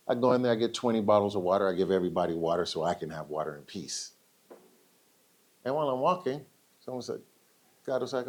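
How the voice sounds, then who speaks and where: A man giving a storytelling speech at a roundtable event, acting out quoted dialogue with lively shifts. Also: lowish voice, quick pace. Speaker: speaker at a roundtable.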